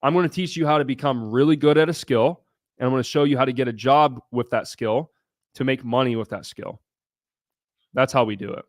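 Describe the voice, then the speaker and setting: A man hosting a casual livestream Q&A, talking bluntly with frequent swearing and bursts of excitement. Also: mid-range voice, fairly quick. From United States (Ohio). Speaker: livestream host.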